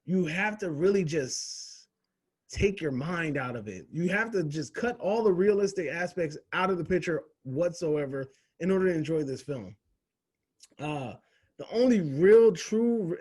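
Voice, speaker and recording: A man's voice: on the high side, expressive, unhurried, a little mellow, breathy edge. A young man giving a casual, profane, rambling film review full of slang.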